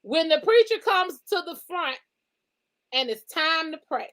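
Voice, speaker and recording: A woman's voice: very high-pitched, animated, a little slow, fairly bright tone, rough recording. A woman chatting casually as a guest, playful and laughing often. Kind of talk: casual chat.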